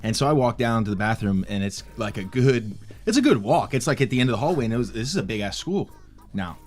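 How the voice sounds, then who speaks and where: A man's voice: medium pitch, expressive, fast talker. A man co-hosting a podcast, telling an anecdote in casual chat and laughing along. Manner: laid-back, laughs while telling anecdotes. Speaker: podcast co-host.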